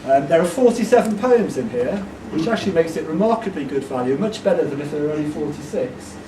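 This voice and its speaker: At a book launch in an indoor event room, a man with a highish, expressive voice reads poems fast, playful and mock-esoteric, leading the audience in a shouted refrain with rising energy. The call-and-response is captured by a far mic in an echoey room with loud crowd noise.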